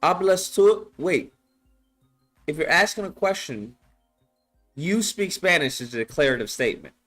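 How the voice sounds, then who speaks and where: A man hosting a live call-in show, reacting with excitable disbelief and casual swearing. His voice is a little high. Faint music runs underneath. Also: normal speed. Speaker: host.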